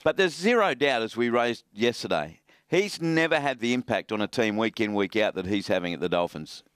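A man's voice: lowish voice, animated, a little fast, a bit bright, smooth, no echo, studio quality. A man hosting a rugby league radio show, playful and teasing as he steers the discussion. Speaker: radio sports show host.

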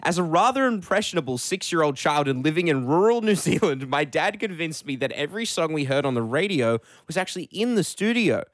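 A man's voice: on the high side, sing-song, brisk, hardly any pauses, no echo. A man hosting breakfast radio, chatty and upbeat, on a studio microphone. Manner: chatty, upbeat, laughs easily. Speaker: radio host.

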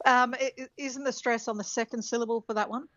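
A woman's voice: fairly high pitch, fairly even intonation, fast, a bit bright, dry recording. A woman, a linguistics professor explaining as a radio guest, hesitant with many fillers and restarts. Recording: dull lo-fi remote line.

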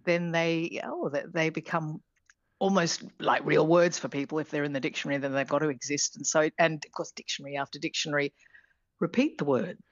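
A woman's voice: sits low, fairly even intonation, fairly quick, no room sound, highs cut off. A woman linguistics professor explaining words on a radio show, thoughtful and hesitant with many fillers.

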